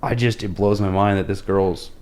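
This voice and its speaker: A man's voice: low-pitched, fairly even intonation, normal speed, darkish tone. A man from Oklahoma, a podcast guest, casually telling rambling, self-deprecating travel anecdotes. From Oklahoma, USA. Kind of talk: casual storytelling.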